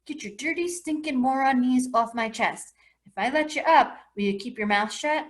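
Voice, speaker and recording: A hot-tempered young man barks warnings and demands, his voice pushed up high and loud, as a woman reads him aloud. He sounds like a burly roommate losing his patience. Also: normal speed, natural voice. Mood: threatening. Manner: shouting threats. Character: angry burly male college roommate.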